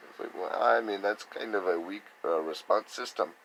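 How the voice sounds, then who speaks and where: A man's voice: low voice, normal speed, creaky, background noise. A man giving a rambling, casual spiritual talk, acting out other people's reactions in quoted voices. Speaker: spiritual speaker.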